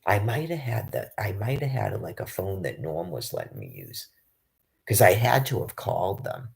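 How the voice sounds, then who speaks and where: A low, gravelly man rants on and on, swearing constantly and breaking off mid-sentence to restart. He talks in a rambling, agitated monologue about life without a home. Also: sing-song, normal speed, a little mellow. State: homeless. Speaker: public access show guest.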